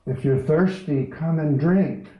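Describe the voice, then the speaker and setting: A man voicing a great male lion in a storybook passage, speaking slowly and gravely without boasting or anger. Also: a little high. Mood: solemn. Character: vast solemn male lion, calm and unbending. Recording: roomy, dull sound from a distance.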